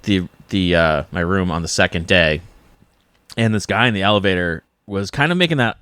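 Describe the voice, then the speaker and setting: A man's voice: sits low, moderate pace, smooth, no echo. A man hosting a podcast, telling stories in casual chat and swearing often. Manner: animated storytelling, swears often. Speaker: podcast host.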